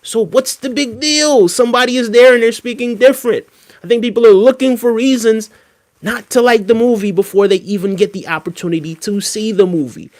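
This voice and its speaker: A man's voice: very high voice, brisk, darkish tone. A man hosting a live stream, chatting casually with viewers, reading their comments and ranting heatedly with lots of fillers. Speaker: livestream host.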